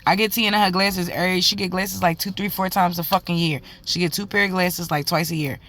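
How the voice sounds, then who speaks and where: A woman's voice: lowish voice, steady tone, brisk, a bit bright. A mother telling a story to camera in a casual, heated and profane way, talking in emphatic run-on bursts.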